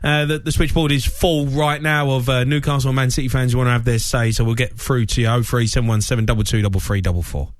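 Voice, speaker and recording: A man hosting a sports radio phone-in, chummy and brisk with callers. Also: mid-range voice, steady tone.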